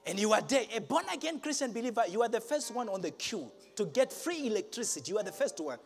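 A man preaching a lively church sermon, swinging from shouts to low asides and laughing often. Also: fast talker, vocal fry, soft background music. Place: church hall with congregation.

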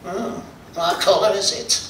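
A woman's voice: mid-range voice, measured pace, pitched above the performer's own voice, natural voice. A man putting on a fussy woman asking about soup. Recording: roomy distant live venue recording with loud noise.

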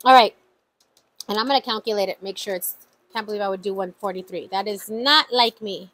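A woman vlogging about her savings challenges, chatting excitedly to viewers and counting money out loud. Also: medium pitch, brisk, rough recording. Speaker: budgeting vlogger. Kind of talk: casual vlog talk to viewers.

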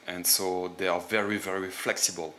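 A man from France with a French accent, giving casual commentary in a halting way with many fillers. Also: low-pitched, level tone, pushed and bright. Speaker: reaction video host.

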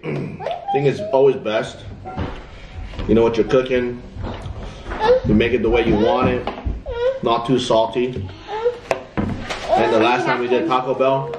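A man's voice: medium pitch, steady tone, unhurried, long pauses, echoey room, heavy background noise. A man, a father and vlog host, chatting casually while eating at home. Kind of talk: casual mukbang chat. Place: family home at the dining table.

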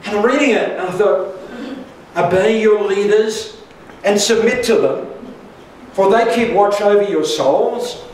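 A man's voice: high voice, measured pace, darkish tone, slight background noise. An older man preaching a sermon, telling a personal story with humour and asides to the congregation. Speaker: pastor. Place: church hall. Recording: echoey church hall from far off.

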